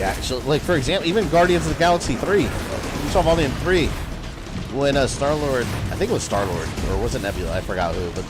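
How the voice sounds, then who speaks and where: A man talks through his game live, chatting with his viewers and cursing at the enemies. His pitch jumps around a lot as he talks. Loud game music and gunfire play behind him. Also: quick pace. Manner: animated, swears at enemies, chats with viewers. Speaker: game streamer. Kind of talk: casual live-stream commentary.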